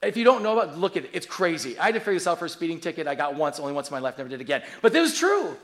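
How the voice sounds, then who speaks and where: A man in his forties preaching a sermon, telling stories in an animated, humorous way. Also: on the high side, rapid-fire. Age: 40s. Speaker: pastor.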